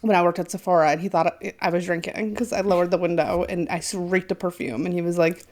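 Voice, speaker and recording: A woman's voice: lowish voice, fast talker. A young woman co-hosting a podcast, telling a story in casual chat, swearing often and acting out the people she quotes. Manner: animated, swears often, acts out quoted voices. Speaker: podcast co-host.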